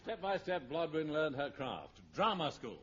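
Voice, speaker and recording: A man hosting and narrating a 1960s radio comedy in a dry, deadpan way. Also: fairly high pitch, a little slow, slightly rough. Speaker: host and narrator. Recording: muffled vintage radio recording with hiss.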